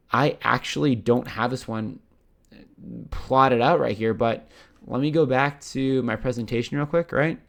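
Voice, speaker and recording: A chatty man with a Canadian accent and a gravelly, fry-edged voice at an ordinary middle pitch. He talks loosely through charts, swearing now and then and asking "right?" after almost every phrase. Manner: chatty, says "right?" constantly, swears casually. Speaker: crypto channel host. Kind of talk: casual screen-share commentary.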